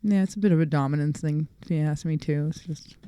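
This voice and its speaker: A woman's voice: sits low, fast, clean tone. A woman co-hosting a casual dog-training podcast, talking emphatically and acting out what she says. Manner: emphatic, animated, laughs often, acts out quotes. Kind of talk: casual chat.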